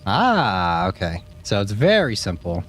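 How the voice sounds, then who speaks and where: A man's voice: on the low side, wildly swooping pitch, measured pace, fairly bright tone. A man casually commenting while he plays a horror game, wry and reading prompts aloud. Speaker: streamer playing a game. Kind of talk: casual let's-play commentary.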